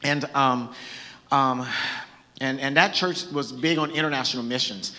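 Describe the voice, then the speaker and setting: This bishop from Southern California speaks from a church stage in an earnest, conversational way, frequently starting his sentences over. The hall's reverb lingers long, and his mid-range voice comes at a measured pace, pushed and bright.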